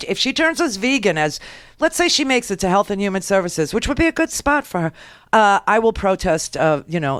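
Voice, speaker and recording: A middle-aged woman hosting a political talk radio show, riffing sarcastically with a New York accent and quick laughs. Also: fairly low pitch, fairly bright tone, no room sound, clean studio sound. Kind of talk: political commentary.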